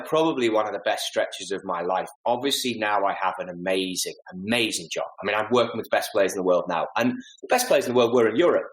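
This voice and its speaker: A man in his forties with a fairly low voice spins animated, self-deprecating anecdotes. He acts out quick asides along the way. The sound is roomy and echoey. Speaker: podcast guest, golf club fitter. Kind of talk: casual storytelling interview.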